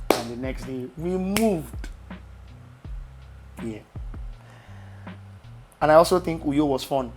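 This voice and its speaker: A young Nigerian man with a Nigerian accent, casually telling travel stories to camera with loud exclamations. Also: on the high side. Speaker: vlogger.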